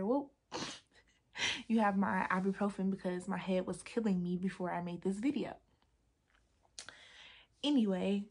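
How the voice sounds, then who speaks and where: A young adult woman telling a casual storytime vlog from her desk at home, animated and slangy, laughing often. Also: fairly low pitch, gravelly. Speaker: vlogger.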